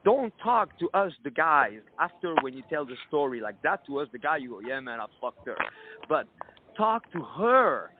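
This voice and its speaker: A man's voice: a little high, very animated, normal speed, very noisy. A man speaking as a dating coach at a live seminar, blunt and crude. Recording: tinny phone-like audio.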